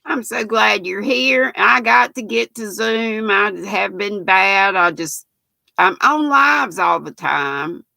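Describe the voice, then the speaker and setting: Southern woman in her sixties, livestream host: gravelly, bright-toned voice, folksy and chatty. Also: medium pitch, no echo. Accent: Southern American. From North Carolina, US. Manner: folksy and chatty, greets viewers by name. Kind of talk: casual live chat, reading viewer comments aloud.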